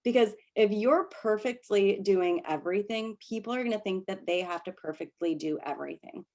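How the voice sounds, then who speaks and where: A woman coaches a small group in a relaxed, talky way over a video call. She laughs easily and trips into restarts. Her voice sits in an ordinary middle pitch. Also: a little fast. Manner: chatty, laughing, many restarts. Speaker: workshop presenter. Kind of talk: casual coaching talk.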